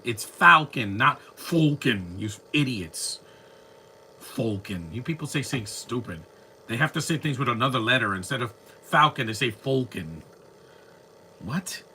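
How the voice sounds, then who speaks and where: A man's voice: mid-range voice, pushed and bright, slight background noise. A man watching fan films on a live stream, talking back to the screen with sarcastic, joking commentary and grumbling rants. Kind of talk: casual reaction commentary.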